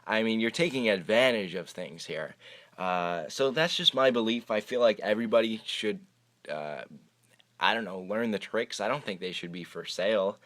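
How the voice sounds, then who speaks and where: A man's voice: fairly low pitch, moderate pace, a bit bright. Young man rambling through viewer questions. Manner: rambling, chatty, frequent hesitant repeats. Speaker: YouTube magic channel host. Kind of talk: casual Q&A vlog. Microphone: camera microphone.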